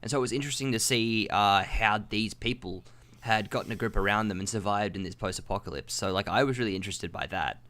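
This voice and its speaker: A man with a fairly low voice co-hosts a relaxed chat show. He talks things through carefully, weighing both sides. He pads his sentences with fillers. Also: fast. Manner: thoughtful, hedging, many fillers. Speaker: co-host. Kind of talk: casual podcast chat.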